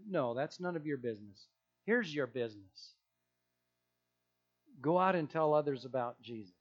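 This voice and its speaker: A man's voice: fairly high pitch, animated, normal speed, dull audio. A male pastor preaching a sermon in an emphatic way, repeating key phrases for weight.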